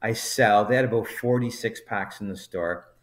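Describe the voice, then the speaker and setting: A male podcast guest, co-founder of a brewery, tells an anecdote at a normal speed in a voice on the low side. He acts out each line of dialogue in quotes, storytelling animatedly within the conversation.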